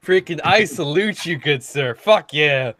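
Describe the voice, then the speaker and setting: A man's voice: on the high side, animated, measured pace, crowd noise. A man chatting casually with friends in a rambling, loose way, often laughing. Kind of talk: casual chat among friends.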